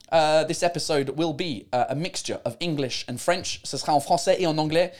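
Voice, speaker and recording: A man hosting a live-streamed drinking chat show in a studio, loud, playful and profane, switching between English and French. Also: on the high side, expressive, moderate pace, hardly any pauses.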